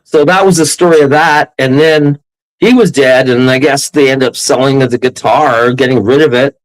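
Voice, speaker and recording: A Canadian man telling a wild story as an interview guest, rambling and excitable, often breaking into laughs. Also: medium pitch, normal speed, low-quality recording.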